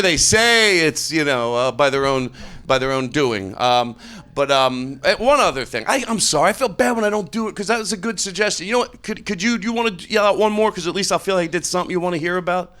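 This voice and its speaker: High, lively-voiced Philadelphia comedian. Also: male voice. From Philadelphia, USA. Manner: mock-earnest, rambling, self-interrupting. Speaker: stand-up comedian. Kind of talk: improvised stand-up set. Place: comedy club stage.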